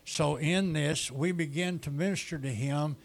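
A man's voice: on the high side, measured pace. A man, a guest speaker telling his testimony in a sermon and acting out the dialogue as he goes. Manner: storytelling with quoted dialogue.

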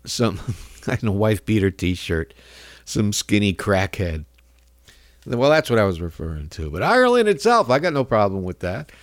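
A male radio host delivering a loose, sardonic monologue, often chuckling to himself. His pitch swings lively up and down. The sound is dry and close. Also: normal speed, no room sound. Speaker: radio talk show host.

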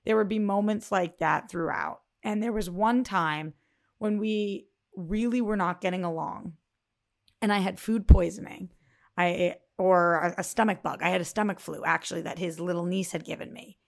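A woman with a lowish voice talks through her own relationship stories on a podcast. She explains things carefully and earnestly, in a relaxed, chatty way. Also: normal speed, vocal fry. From Boston. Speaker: podcast co-host. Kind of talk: casual podcast chat.

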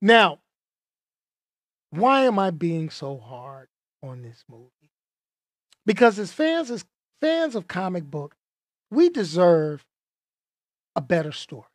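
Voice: medium pitch, sing-song, takes it slowly, long pauses, dry recording, studio quality. A movie reviewer talking casually and emphatically, tossing out rhetorical questions and repeating points for effect.

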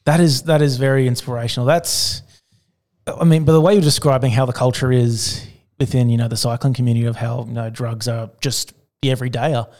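A man with a voice of ordinary pitch co-hosts a casual podcast. He sounds agreeable and thoughtful as he reflects on his guest's story. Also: steady tone, a little fast, a little mellow. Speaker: podcast co-host. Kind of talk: casual chat.

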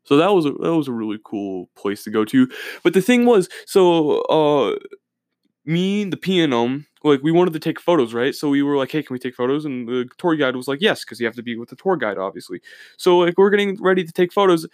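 A man's voice: fairly high pitch, expressive, a little fast, a little mellow, dry recording, clean studio sound. A young man from Minnesota, hosting a podcast and rambling through profane, self-mocking stories in casual solo chat. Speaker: podcast host.

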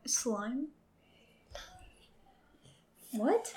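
A woman's voice: on the high side, very animated, very slow, a little mellow. A young woman chatting casually on a podcast in a bedroom, giggly and rambling. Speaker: podcast co-host. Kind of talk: casual chat.

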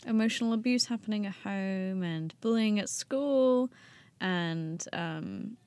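A woman's voice: mid-range voice, measured pace, a little mellow, no echo. A young woman, a guest on a casual podcast chat, talking with lots of fillers and a self-deprecating tone. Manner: chatty, self-deprecating, laughs often, trails off with fillers.

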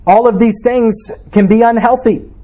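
A man's voice: extremely high pitch, fairly even intonation, normal speed, mellow. A man, a pastor, preaching a sermon in an earnest, reflective way, asking his listeners questions.

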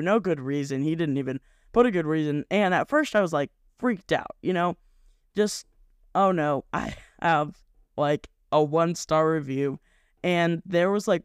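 Young guy podcasting, high voice, dry close sound, rambly and earnest. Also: smooth, no room sound. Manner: rambling, self-correcting, earnest. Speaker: podcast host. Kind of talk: casual devotional podcast talk.

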